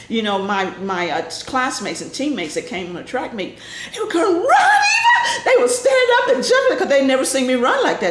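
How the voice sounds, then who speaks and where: An older woman animatedly telling a family story in an interview, laughing often and acting out the voices of people in it. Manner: lively, laughing, acts out voices in high shouts. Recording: echoey room with faint noise.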